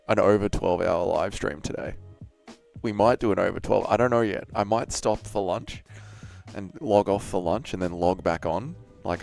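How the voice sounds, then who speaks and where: Tired, chatty Australian man, low and gravelly. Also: darkish tone. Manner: loose and swearing, chatting with viewers and laughing often. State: tired from an early wake-up. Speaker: streamer hosting a live fight watch-along. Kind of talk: casual live-stream chat.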